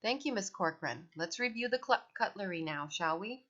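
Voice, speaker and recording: A woman voicing a prim, strict etiquette teacher who speaks formally and corrects crisply. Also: mid-range voice, lively intonation, brisk, a bit bright. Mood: stern. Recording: dull lo-fi recording.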